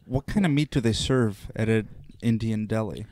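A man's voice: lowish voice, normal speed, a little mellow, no echo. A man co-hosting a casual podcast, making dry, teasing asides. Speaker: podcast co-host. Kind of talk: casual chat.

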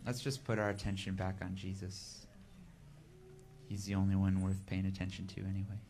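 A man preaching as a guest speaker, gentle and soft-spoken, leading the room in worship. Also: low-pitched, level tone, moderate pace, soft background music. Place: church sanctuary.

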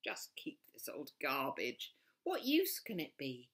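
A woman voicing a stern but kindly male skunk police officer in a storybook, gruff and firm. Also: a bass voice, huge pitch swings, takes it slowly, fairly bright tone, full character voice.

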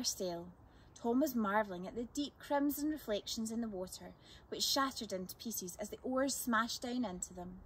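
A woman reading a chapter book aloud for children, with expressive, lively narration. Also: a little high, a little hiss or hum. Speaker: storyteller.

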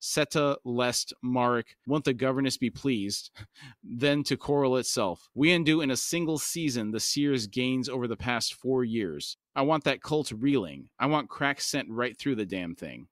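Man reading a commanding warlord, measured delivery, mid pitch, dry. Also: lively intonation, a bit bright, no room sound. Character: confident male warlord, grinning strategist.

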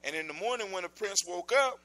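A man telling a folk tale live to children in a lively, animated way, with sound effects and shouted outbursts. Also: sits high, brisk, poor audio. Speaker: storyteller. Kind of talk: live oral storytelling to children.

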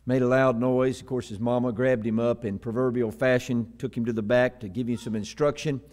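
A man's voice: mid-range voice, fairly even intonation, fairly quick, a little mellow. A middle-aged man from Texas preaching a sermon, telling folksy joke stories and reading scripture with emphasis. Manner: folksy storytelling, rising to emphatic Bible reading.

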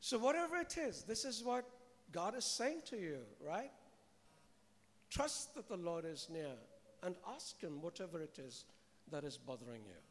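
A man preaching a sermon to a live congregation, lively and humorous, often asking the people questions. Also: on the high side, moderate pace. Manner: lively, asks the congregation questions, mixes humour with scripture. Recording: long reverb of a large hall.

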